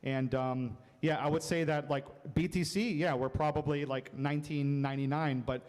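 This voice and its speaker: A man's voice: on the high side, fairly even intonation, moderate pace, a little mellow. A man on a panel speaking casually and optimistically, rambling and restarting as he talks. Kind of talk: panel discussion. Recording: long hall reverb.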